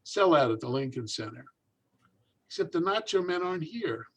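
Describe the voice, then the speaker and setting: An older man spins a rambling stage story, his voice sitting a little high for a man. He slips into other people's voices as he goes, full of fillers and quick asides. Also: low-quality recording. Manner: animated, acts out voices in his anecdotes. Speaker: guest magician. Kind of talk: storytelling in a conversation.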